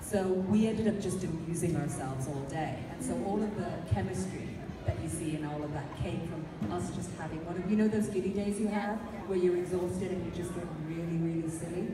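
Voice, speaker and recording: A woman's voice: lowish voice, brisk, few pauses. A woman speaking on a convention panel, answering fan questions in a playful, joking way. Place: large convention hall with audience. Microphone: hall PA mic, recorded from the audience. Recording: distant, echoey hall over loud crowd.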